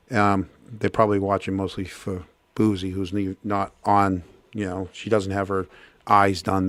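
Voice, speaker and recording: Halting male livestream host. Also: on the low side, no echo. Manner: halting, many restarts. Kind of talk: casual livestream commentary.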